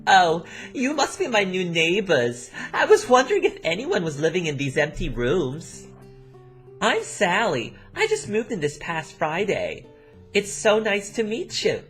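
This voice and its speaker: Guy doing a high bubbly hippie girl voice, sing-songy, all over the place pitch-wise. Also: big pitch swings, brisk, hardly any pauses, a bit bright, faint music behind. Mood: cheerful. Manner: airy, bubbly, sing-song. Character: cheerful spiritual young woman neighbor.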